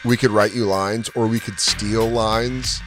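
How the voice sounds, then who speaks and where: A man's voice: lowish voice, steady tone, music in the background. Profane joking man hosting a podcast. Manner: joking, profane, quick banter. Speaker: podcast host. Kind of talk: casual chat.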